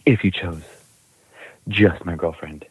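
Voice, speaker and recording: A man's voice: sits low, fairly even intonation, takes it slowly, slightly rough, dry recording, low-quality recording. A man hosting a quiz segment on a podcast, mock-dramatic and sometimes whispering. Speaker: quiz host. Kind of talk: casual chat.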